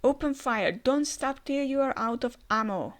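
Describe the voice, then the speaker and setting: A woman reading out the lines of a cruel, cold elder male villain from a comic, in a flat read-aloud way. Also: sits high, moderate pace, pitched above the performer's own voice, natural voice.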